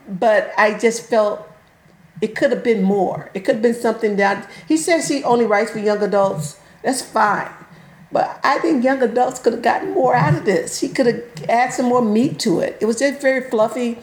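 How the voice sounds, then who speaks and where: A woman in casual conversation about books and movies, animated and laughing often as she talks. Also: a little high, moderate pace, reverberant, rough recording. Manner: animated, laughs often, mimics other people. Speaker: book club member. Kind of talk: casual chat.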